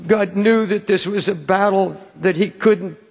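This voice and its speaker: A man's voice: sits high, a little slow, vocal fry, breathy edge. A man preaching a sermon to a congregation, often stammering and repeating words as he presses a point. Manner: repeats words when stirred, stammering restarts. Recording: long hall reverb.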